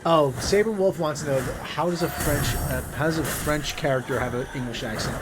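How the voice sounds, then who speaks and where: A man's voice: fairly high pitch, a little fast, very noisy. A man co-hosting a casual show, rambling with frequent restarts. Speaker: co-host. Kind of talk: casual podcast chat.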